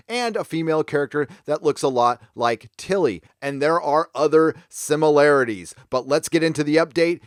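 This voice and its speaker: A man hosting a commentary vlog who talks emphatically and keeps dropping sarcastic asides. His voice sits a little high. The sound is dry and close, with no room around it. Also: clear, resonant tone, no room sound. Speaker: commentary channel host.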